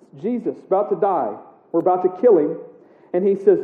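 A man preaching a sermon in a casual, animated way, acting out the scripture he reads aloud. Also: high voice, a little fast. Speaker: pastor. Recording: echoey room heard over a tinny narrow line.

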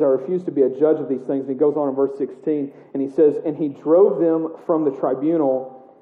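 A man preaching a sermon in a casual, animated way, acting out the scripture he reads aloud. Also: mid-range voice. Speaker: pastor. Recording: echoey room heard over a tinny narrow line.

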